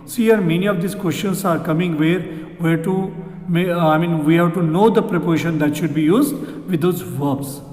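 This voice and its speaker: A man with an Indian English accent, teaching exam grammar, who repeats sentences slowly and asks rhetorical questions. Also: on the high side, darkish tone. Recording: echoey room with long reverb.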